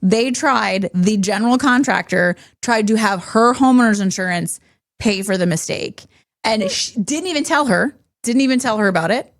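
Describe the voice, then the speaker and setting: Woman, podcast co-host, casual chat, animated storyteller, mid-range pitch. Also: moderate pace. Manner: animated storytelling, laughs when stressed.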